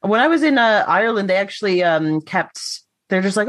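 A woman's voice: medium pitch, animated, a bit bright. A woman from Canada with a Canadian accent, co-hosting a podcast, teasing and giggling in casual chat. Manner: giggly, teasing, quick quips. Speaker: podcast co-host.

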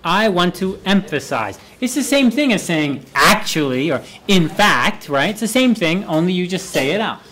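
A fairly high-voiced male professor lecturing a class on presentation skills. He repeats each key word several times, swinging it up and down to show how it should sound. His tone stays playful and energetic. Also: normal speed, hardly any pauses. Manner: repeats key words aloud for emphasis, lively and playful. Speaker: university English professor. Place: university classroom.

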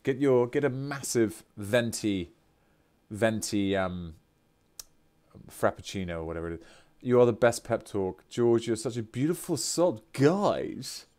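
A British man, a voice actor streaming a game, chatting excitedly with viewers and reading their messages aloud with playful theatrical outbursts. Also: medium pitch, a little slow. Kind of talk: live-stream chat with viewers.

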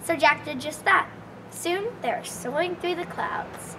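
Lively, bright-voiced woman storyteller. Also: high-pitched, measured pace, slight background noise. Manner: lively, expressive, folksy. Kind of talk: animated storytelling for children.

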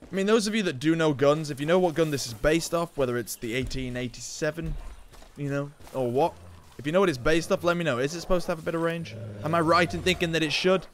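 A young man chatting excitedly through gameplay, joking and laughing at his own lines. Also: on the high side, fast, a little hiss or hum. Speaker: gaming YouTuber. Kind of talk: casual gameplay commentary.

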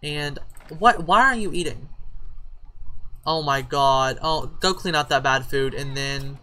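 A woman's voice: deep voice, measured pace, pushed and bright, slight background noise. A woman giving casual gameplay commentary, chatting and scolding her game characters like a parent. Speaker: gaming YouTuber. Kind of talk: casual life-sim let's play commentary.

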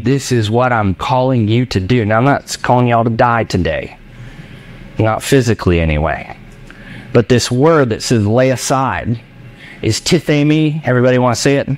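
A man preaching a sermon as pastor in a church, animated and jokey, acting out voices of his listeners. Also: mid-range voice.

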